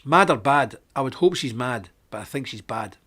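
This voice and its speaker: A middle-aged man, hosting a live web show in a forceful, preachy way with sudden bursts of emphasis. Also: mid-range voice, animated, normal speed, breathy edge. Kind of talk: live-streamed preaching talk.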